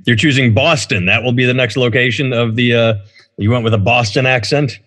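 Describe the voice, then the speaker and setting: A man's voice: medium pitch, fairly even intonation, a little fast, fairly bright tone. Sarcastic man hosting a podcast. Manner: sarcastic, reads news stories aloud. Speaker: podcast host. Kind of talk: casual comedic podcast chat.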